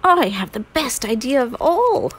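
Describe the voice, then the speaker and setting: A woman's voice: high-pitched, big pitch swings, unhurried, breathy edge, soft background music, pitched above the performer's own voice, exaggerated voice. A woman voicing a confident male mummy monster who talks in a boastful, raised voice.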